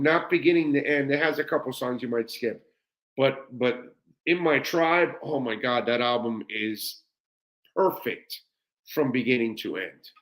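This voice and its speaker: A middle-aged American man hosting a live show in an easy, offhand way. He gushes with enthusiasm and rambles through answers to viewer comments, stumbling over fillers and repeating himself. His voice sits at an ordinary middle pitch for a man. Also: fairly bright tone. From United States. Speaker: sports radio host.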